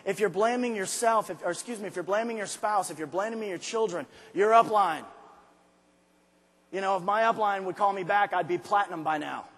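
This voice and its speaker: Motivational guy on stage, high husky voice, big echoey arena, goes quiet then yells. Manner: swings from quiet intimate asides to shouted, drawn-out emphasis. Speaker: motivational speaker. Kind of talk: motivational speech to a large arena crowd. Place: large arena. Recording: live speech with long hall reverb.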